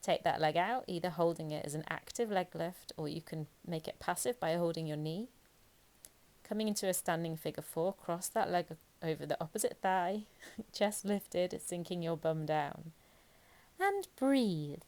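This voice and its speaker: A woman yoga instructor, giving calm, encouraging step-by-step cues through a flow class. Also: on the low side, unhurried. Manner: calm, encouraging cueing with occasional light laughs.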